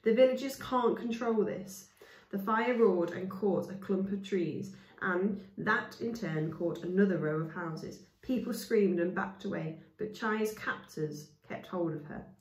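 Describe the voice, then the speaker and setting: A woman's voice: fairly low pitch, measured pace, few pauses, far from the mic. Woman reading a story, echoey room. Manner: casual asides between reading.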